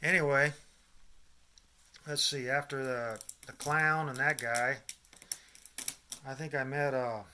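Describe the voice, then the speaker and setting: Bright-voiced rambling storyteller man. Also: mid-range voice, steady tone, slow, pauses often, a little hiss or hum. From US Midwest. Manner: digressive, many restarts and asides. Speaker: vlogger.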